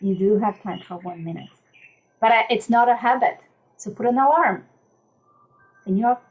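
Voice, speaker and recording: A woman life coach speaking gently and soothingly in a podcast interview, softly repeating calming mantras. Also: a little high, normal speed, long pauses, highs cut off.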